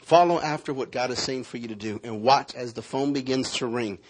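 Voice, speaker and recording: A man preaching a sermon, speaking prophetic words over a congregation member and telling lively stories. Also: medium pitch, brisk. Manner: animated storytelling with prophetic declarations. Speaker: pastor.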